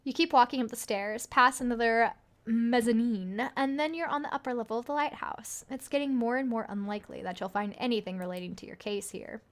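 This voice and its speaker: A woman with a fairly high voice streams a story game, reading its narration aloud. She chats and giggles with her viewers between passages. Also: a little fast. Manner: giggly, chatty, reads chat aloud. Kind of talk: casual game commentary and reading game text aloud.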